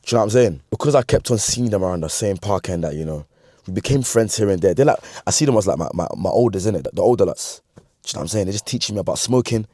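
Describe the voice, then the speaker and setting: Animated London storyteller, husky low voice. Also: male voice, very fast, no room sound, clean studio sound. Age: 20s. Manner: animated, slangy, laughs between lines. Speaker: vlogger. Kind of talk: comedic storytime.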